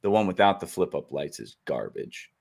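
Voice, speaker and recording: Co-host, man with a fairly low voice, relaxed chatty storyteller who laughs easily. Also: moderate pace, gravelly. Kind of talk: casual chat. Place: home studio on a live stream.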